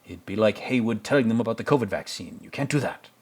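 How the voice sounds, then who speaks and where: A man voicing an exasperated male astronaut who scolds fast and in disbelief. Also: on the low side, expressive, a little mellow, husky.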